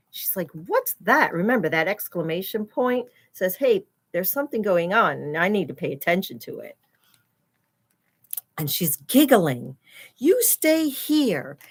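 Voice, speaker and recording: A woman's voice: mid-range voice, breathy edge. A woman teaching children as she reads a picture book aloud, explaining words and gasping and exclaiming at the pictures. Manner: animated, explains terms, gasps and exclaims at pictures.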